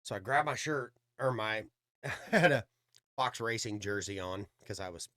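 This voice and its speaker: A fairly low-pitched male voice at a moderate pace belongs to a podcast guest telling a lengthy story. His delivery is relaxed and full of profanity, and he animatedly performs the dialogue of the people involved.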